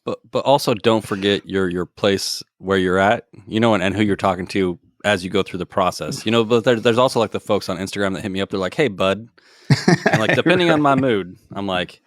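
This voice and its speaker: A man with a low voice speaks in a relaxed podcast chat with a dry, wry wit. The recording is dry and close. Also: a little fast, no room sound. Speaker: podcast co-host.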